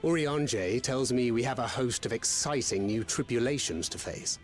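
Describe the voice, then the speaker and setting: A man's voice: mid-range voice, moderate pace, lightly acted. Suave rogue with a dry wit, played by a man, game cutscene with music behind. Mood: wry.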